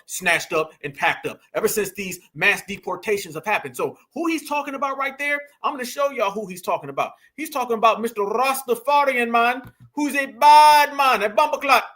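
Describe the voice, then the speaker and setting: A man's voice: sits high, bright, forceful tone, breathy edge. A man hosting an online commentary stream, talking to viewers in an emphatic, slangy, casual way.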